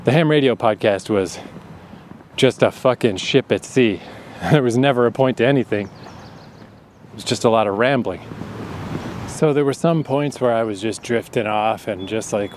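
A man's voice: medium pitch, moderate pace, a little mellow, slight background noise. A man talking loosely and casually as a podcaster, profane and self-mocking, with laughs. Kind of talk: casual chat.

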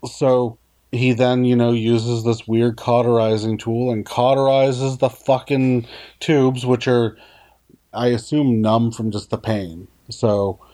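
A man's voice: mid-range voice, flat delivery, slow pace, mellow. A man telling a blunt, profanity-laden personal story in casual conversation. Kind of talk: casual chat.

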